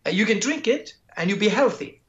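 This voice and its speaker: A man with a high voice shares lessons from his career in a relaxed interview. He acts out conversations and restarts and repeats phrases as he thinks. The recording sounds dull and lo-fi. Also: a little fast. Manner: acts out imagined dialogues, repeats words, restarts. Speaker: interviewee, creator and entrepreneur. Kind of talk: casual interview storytelling. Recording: dull lo-fi audio.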